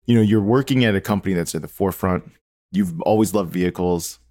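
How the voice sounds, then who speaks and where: Fast-talking deep-voiced male podcast host. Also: mellow, no room sound. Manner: rambling, rephrasing questions. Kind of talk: interview questions.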